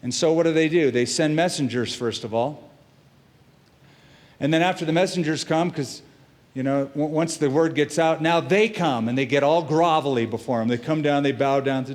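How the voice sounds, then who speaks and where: A middle-aged man preaching as a pastor, telling the story in a lively way and acting out the characters' quotes. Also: moderate pace. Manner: animated storytelling, acts out quotes with shifts in pitch and loudness. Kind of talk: sermon.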